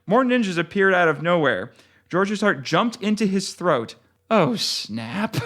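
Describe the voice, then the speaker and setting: Author reading his book aloud, fairly high male voice, lively intonation. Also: moderate pace, noisy background. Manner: expressive reading, relaxed when chatting. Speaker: author and guest. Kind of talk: reading his novel aloud, then casual chat.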